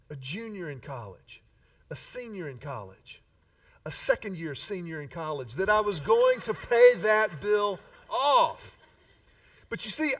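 A middle-aged man preaching a sermon, telling stories in a folksy way and slowing down to stress key words. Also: high voice, fairly bright tone, recorded from a distance. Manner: folksy storytelling, emphatic slow phrasing on key words. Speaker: pastor.

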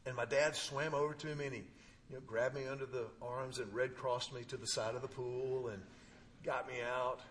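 A man preaching, telling a personal story with humor and emphatic pauses. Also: medium pitch, fairly even intonation, fairly bright tone, slight background noise. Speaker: pastor. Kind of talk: sermon.

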